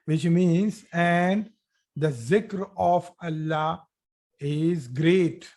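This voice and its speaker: Male grammar teacher, high voice, slow and patient, checks in with "okay?" often. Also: a little mellow. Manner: slow, repetitive explaining with frequent "okay?" checks. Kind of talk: online grammar lesson.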